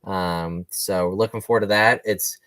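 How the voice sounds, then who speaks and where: Male podcast co-host, lowish voice, dry sound, rambling chat. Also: fairly even intonation, moderate pace, a bit bright, no room sound. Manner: chatty, rambling with fillers. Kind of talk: casual chat.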